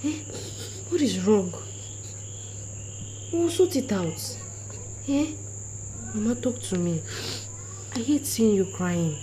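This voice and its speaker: A woman's voice: mid-range voice, big pitch swings, slow pace, pauses often, warm tone, slight background noise. A young actress with a Nigerian accent playing a worried daughter who pleads with her mother. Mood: pleading. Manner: pleading, comforting. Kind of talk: film drama acting.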